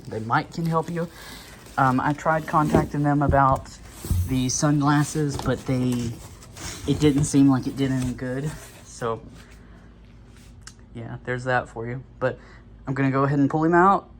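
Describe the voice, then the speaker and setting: A man's voice: mid-range voice, fairly even intonation, unhurried, long pauses, a little hiss or hum. A man casually talking through an unboxing in a rambling, easygoing way, slightly out of breath. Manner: rambling and easygoing, with many fillers. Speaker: toy and prop reviewer.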